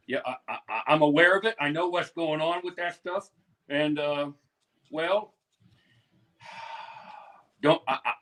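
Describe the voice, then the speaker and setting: A man's voice: on the high side, sharp tone, poor audio. A man from the Midwestern United States, a guest on a playful live-stream chat, speaking in a mock-earnest way.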